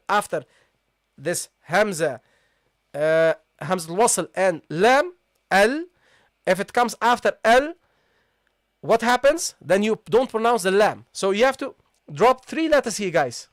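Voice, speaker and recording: Man, recitation teacher, live online lesson, repeats and checks in, high pitch, dry sound. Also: lively intonation, no echo. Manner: explains step by step, repeats words slowly and asks "okay, guys?".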